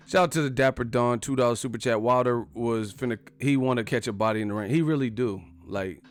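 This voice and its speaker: A man hosting a live stream, profane and animated, acting out the people he talks about. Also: medium pitch, normal speed, faint music behind. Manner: profane, animated, acts out quotes. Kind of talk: casual live-stream commentary.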